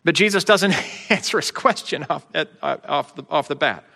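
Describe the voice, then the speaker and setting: Man, pastor, relaxed conversational sermon, wry asides, slightly high voice, long hall reverb. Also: normal speed, vocal fry.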